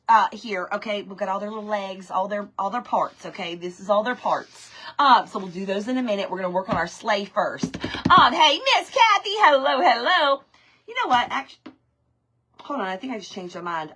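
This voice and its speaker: Woman, 40s, live craft host: high, bright, a bit husky, chatty and quick to laugh. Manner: chatty, greets viewers by name, laughs often. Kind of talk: live-stream chat while crafting.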